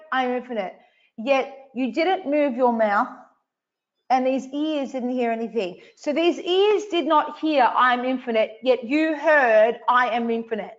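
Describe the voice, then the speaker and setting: A woman's voice: high-pitched, dull audio. A woman hosting a live online coaching session, emphatic and repetitive, swearing casually as she speaks to viewers. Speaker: online event host.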